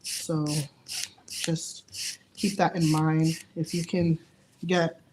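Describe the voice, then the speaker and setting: Chatty woman with a low voice. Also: little pitch movement, very slow, darkish tone, a little hiss or hum. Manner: chatty, laughs at her own slips. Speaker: nail artist giving a live demo. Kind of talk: casual live tutorial.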